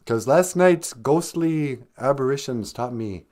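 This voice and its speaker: A man hosts a live-stream podcast, spinning a comic tale with playful asides. His pitch jumps around animatedly while his voice sits in an ordinary middle range. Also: lively intonation, measured pace, a little mellow. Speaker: podcast host.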